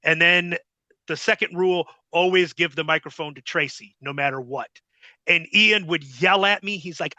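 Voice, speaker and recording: A middle-aged man, a podcast host, telling stories in an animated, casual way and acting out quotes, on a close mic. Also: a little high, moderate pace, dry recording. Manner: animated, repeats words, acts out quotes. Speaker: podcast host, former ring announcer. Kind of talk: casual storytelling.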